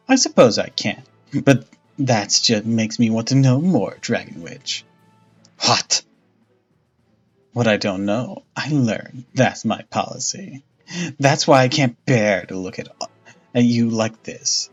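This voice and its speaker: A man playing a gracious young queen, husky. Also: mid-range voice, highs cut off. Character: graceful, gentle young queen, female. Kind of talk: game dialogue read aloud with voices.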